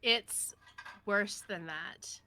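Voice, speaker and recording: Woman game master narrating a tabletop scene, bright, lively. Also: mid-range voice, extremely slow, clear, resonant tone, no echo. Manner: lively, descriptive.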